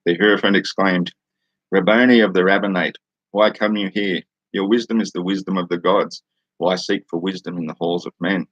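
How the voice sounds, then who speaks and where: Australian male host, low and husky, unhurried, casual livestream chat and read-aloud, dry sound. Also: steady tone, a bit bright, no room sound, muffled recording. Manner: laid-back, chuckling, unhurried. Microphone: studio microphone.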